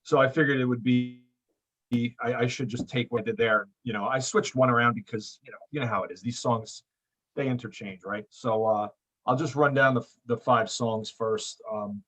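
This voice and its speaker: Male panelist, medium pitch, eager, trails off quiet. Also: fairly even intonation, normal speed. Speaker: podcast panelist. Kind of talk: casual chat.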